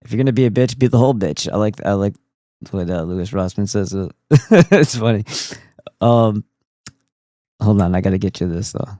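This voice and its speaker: A low-voiced man rambles through a casual stream, swearing freely and clowning around. His pitch swings wildly as he jokes, and the sound is close and dry. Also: animated, normal speed, pauses often, dark tone, no room sound. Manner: goofy, profane, rambling. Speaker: streamer host. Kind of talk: casual livestream commentary.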